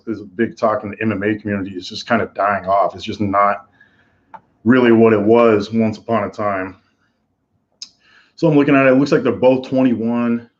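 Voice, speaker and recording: A man with a fairly low voice hosts a live reaction commentary and rambles casually through his thoughts, full of fillers and restarts. The sound is dull and lo-fi, like a basic home mic. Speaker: host.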